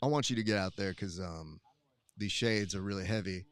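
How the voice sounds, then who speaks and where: A man doing a deep, slow Southern drawl. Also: natural voice. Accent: Southern US (put on). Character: deep slow Southern-drawling male grappler, Brad Pitt-style.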